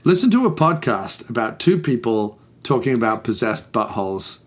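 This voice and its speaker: A man's voice: mid-range voice, very animated, moderate pace. A man hosting a podcast, talking in a casual, ranty way and repeating phrases for emphasis. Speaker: podcast host. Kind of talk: casual chat.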